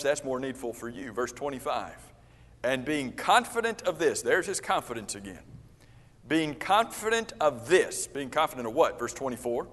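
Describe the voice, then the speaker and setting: A man teaching an interactive Bible class, explaining Greek tenses and repeating key words for emphasis. His voice sits fairly high for a man. It rings out through a church room with long reverb. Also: a bit bright. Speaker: preacher leading a Bible class.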